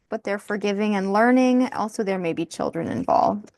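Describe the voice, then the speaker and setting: A woman's voice: medium pitch, normal speed, a little mellow, no echo. A woman doing a casual tarot card reading, thinking aloud, often breaking into laughter and apologizing. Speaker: tarot reader.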